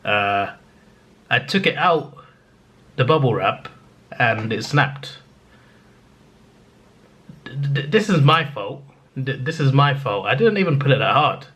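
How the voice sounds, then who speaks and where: A man's voice: medium pitch, expressive, slow, long pauses, a bit bright. A young man from England, telling a travel story in a chatty, laughing way with stammered restarts. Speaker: vlogger. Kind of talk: casual storytelling.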